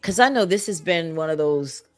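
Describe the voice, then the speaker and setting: Low-voiced woman host, affirming and searching. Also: expressive, moderate pace, no echo. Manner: affirming, searching questions with restarts. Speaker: show host. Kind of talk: interview.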